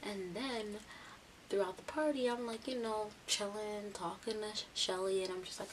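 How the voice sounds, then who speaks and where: A young woman vlogger telling a casual storytime story in a chatty, lively way, acting out what others said. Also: mid-range voice, moderate pace. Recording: distant mic with steady hiss.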